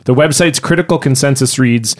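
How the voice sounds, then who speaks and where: A man's voice: mid-range voice, a little fast. A man hosting a podcast in loose casual chat, teasing his co-host and swearing freely.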